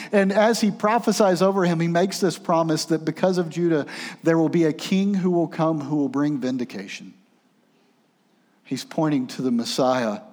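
A man preaching a sermon, swinging between urgent raised passages and hushed, quiet ones. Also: on the high side, long reverb tail.

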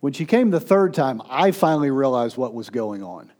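A man, a pastor, telling stories in a sermon, turning from playful to hushed and tender. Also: mid-range voice, very animated, moderate pace.

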